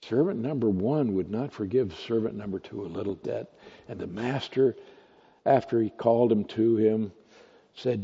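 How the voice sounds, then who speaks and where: A male pastor gives a deliberate, unhurried sermon and asks his listeners rhetorical questions as he teaches. His voice is warm and somewhat husky. The recording sounds dull and lo-fi, with a long reverb trailing through a large hall. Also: on the low side. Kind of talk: expository sermon.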